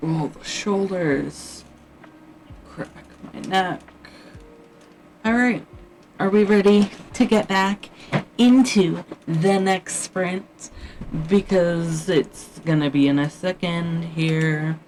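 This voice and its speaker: During a writing-sprint livestream, a woman chats casually with her viewers, mumbling her thoughts aloud over faint background music. She talks slowly in a low, darkish voice, and the audio is poor with slight background noise.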